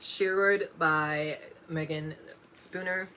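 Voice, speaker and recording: A young woman reading off a list of books in a casual vlog, slow and unhurried, often apologizing with a soft laugh. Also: sits low, fairly even intonation, a little hiss or hum. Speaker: book vlogger.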